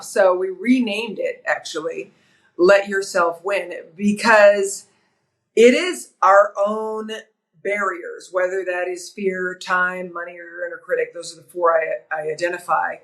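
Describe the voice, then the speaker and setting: Middle-aged woman, broadcaster guest on a podcast; emphatic, energetic storyteller, mid-range voice. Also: medium pitch, poor audio. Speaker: guest, sports broadcaster and author. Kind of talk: podcast interview.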